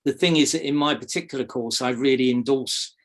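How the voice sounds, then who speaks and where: English man, softened accent, mid-pitched, halting delivery full of fillers; interview guest. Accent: English, softened toward RP. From South London, England. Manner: hesitant, many fillers and repeated words. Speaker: magic teacher, guest. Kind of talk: conversational interview.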